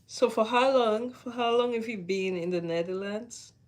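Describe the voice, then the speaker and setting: A woman's voice: fairly high pitch, normal speed. A woman hosting a casual livestream, chatting with viewers and answering their comments, laughing often. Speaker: livestream host.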